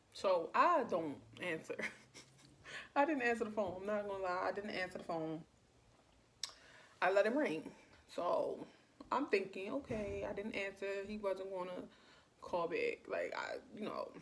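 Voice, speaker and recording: A young woman vlogger chatting casually through a storytime, full of "like" fillers and animated retellings. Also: mid-range voice, unhurried, pauses often, a little hiss or hum.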